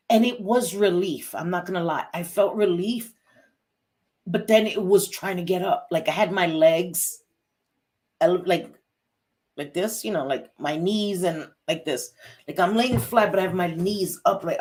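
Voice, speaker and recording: A woman's voice: fairly low pitch, darkish tone, husky. A middle-aged woman hosting a casual livestream, chatting bluntly, swearing freely and greeting viewers by name. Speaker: livestream host.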